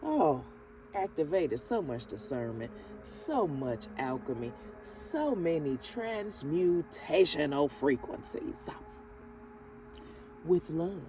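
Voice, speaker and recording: Slow-talking woman doing a spiritual reading. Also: low voice, big pitch swings, dark tone, rough recording. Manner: slow and drawn out, calls the listener baby, breaks into chuckles. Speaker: spiritual reader and channel host. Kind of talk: energy reading with spoken affirmations. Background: music playing.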